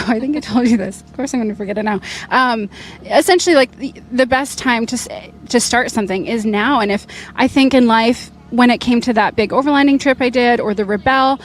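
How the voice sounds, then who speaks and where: A young woman, a rally competitor, speaking in a casual interview with an upbeat, chatty manner and lots of fillers. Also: a little high. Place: outdoors at an event finish line.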